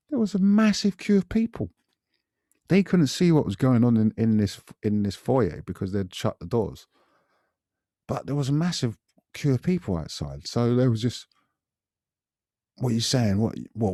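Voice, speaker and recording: A man, telling a story on a podcast in a casual, animated way, repeating himself and adding asides. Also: mid-range voice, moderate pace, no room sound, clean studio sound. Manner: animated, repetitive retelling with frequent asides. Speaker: podcast guest recalling past events.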